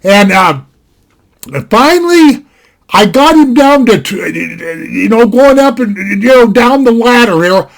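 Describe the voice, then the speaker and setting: Older man, from Montana, high voice, folksy, rambling, casual storytelling, desktop mic at home. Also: expressive, takes it slowly, vocal fry. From Montana, USA. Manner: rambling, folksy, full of "you know" asides. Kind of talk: casual spoken anecdote. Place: home desk.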